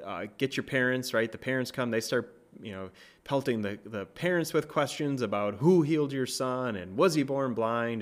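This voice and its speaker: A man giving a casual, conversational sermon, retelling a Bible story, often asking "right?" and lifting his voice for quoted lines. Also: medium pitch. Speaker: preacher.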